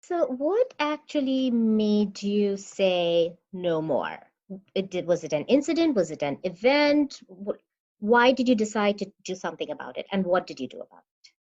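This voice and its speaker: A woman hosting a podcast asks her guest gentle, probing questions. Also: medium pitch, very animated, normal speed. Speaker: podcast host. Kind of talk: interview questions. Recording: dull lo-fi podcast audio.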